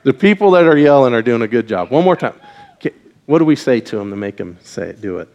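A man's voice: mid-range voice, sing-song, fast talker, a little mellow, dull audio. A man giving a children's message in church, asking the kids questions and leading them in call-and-response on a mic. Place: church sanctuary with congregation. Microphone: wears a mic.

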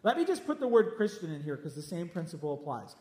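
A man preaches with a high, ringing voice, hammering home his points by saying them again and again straight at his listeners. He is recorded in a large hall or church, and a long, roomy reverb trails every phrase. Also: big pitch swings, fast talker, warm tone. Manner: emphatic, repeats lines, speaks straight at listeners. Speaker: pastor. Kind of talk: sermon.

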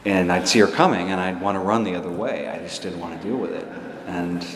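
A man preaching a sermon as a priest, telling a story in a conversational, halting way with many restarts. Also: sits low, reverberant, in a large hall.

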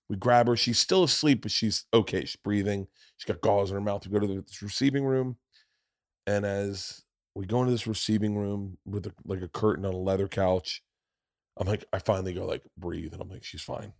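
Animated profane male storyteller. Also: fairly low pitch, no room sound, clean studio sound. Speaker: podcast host, comedian. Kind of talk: casual storytelling chat.

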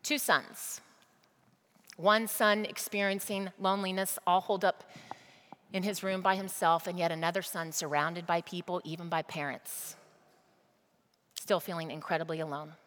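A woman's voice: on the low side, fairly even intonation, moderate pace, long pauses, a bit bright. A woman preacher giving a sermon, telling a story emphatically and addressing the congregation directly. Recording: long reverb of a large hall.

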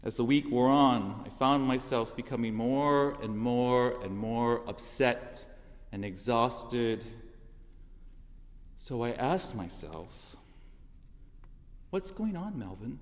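A man speaking to his church congregation, telling a personal testimony in an earnest, heartfelt way that swells into loud emphasis. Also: mid-range voice, slow pace, long reverb tail. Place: church sanctuary.

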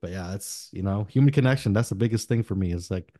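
A man's voice: on the low side, fast, dry recording, studio quality. A man hosting a podcast, chatting casually, swearing freely and laughing as he tells stories. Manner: profane, laughing, animated storyteller. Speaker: podcast host. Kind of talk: casual chat.

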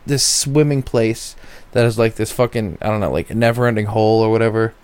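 A man's voice: lowish voice, brisk, smooth. A man chatting casually, swearing often and acting out how angry he got. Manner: animated, swears often, acts out his own angry past lines. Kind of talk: casual chat.

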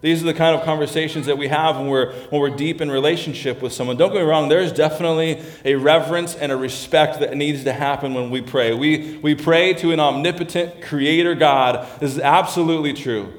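A man's voice: fairly high pitch, steady tone, a little fast, few pauses. A man preaching a sermon as pastor, talking earnestly and often restarting and repeating his phrases. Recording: roomy echo.

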